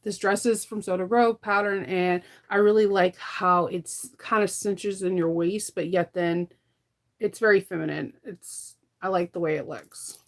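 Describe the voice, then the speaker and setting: A woman's voice: on the low side, fairly even intonation, measured pace. A middle-aged woman chatting casually while she sews, laughing often and trailing off mid-sentence, tired as she recovers from an illness. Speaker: sewing vlogger. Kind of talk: casual chat while sewing.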